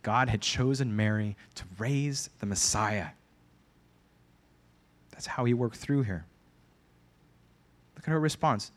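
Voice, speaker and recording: A man's voice: mid-range voice, slow pace, pauses often. Man, pastor, sermon, earnest, emphatic, repeats key phrases.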